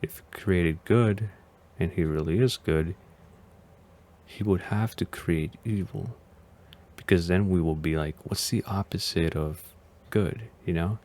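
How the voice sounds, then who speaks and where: A man's voice: deep voice, measured pace, warm tone. A man hosting a casual video reaction as a vtuber, talking in a hesitant, rambling way and often sounding unsure.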